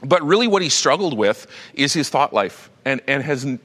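Speaking at normal speed with a medium pitch, a middle-aged male pastor gives an animated, conversational sermon, repeatedly restarting sentences. The audio has a big-room sound.

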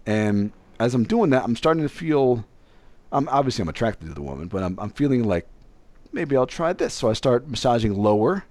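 Animated young man telling a story. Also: mid-range voice, a little fast, no echo. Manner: animated, acts out other people's voices. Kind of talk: casual storytelling.

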